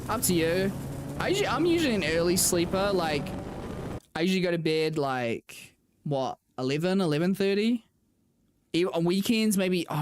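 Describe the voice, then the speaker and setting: A young woman racing driver streamer chatting casually with viewers, saying "like" a lot and laughing often. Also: fairly low pitch. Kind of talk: casual livestream chat with viewers.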